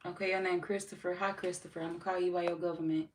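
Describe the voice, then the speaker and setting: Reading comments during her live tarot stream, a woman chats casually with viewers, cursing freely and laughing a lot. She talks very fast in a fairly low, level voice. The sound has a roomy echo from a far-off mic and a little background noise.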